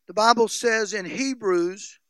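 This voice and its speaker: Male preacher, very high voice, dry close sound, animated delivery, stretched-out scripture reading. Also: unhurried, clear, resonant tone, no room sound. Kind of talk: sermon.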